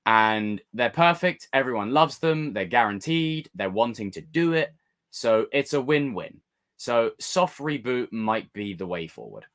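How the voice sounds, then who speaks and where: A man's voice: mid-range voice, unhurried. Theatrical man hosting a livestream. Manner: theatrical, animated rants. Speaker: livestream host. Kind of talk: casual live chat with viewers.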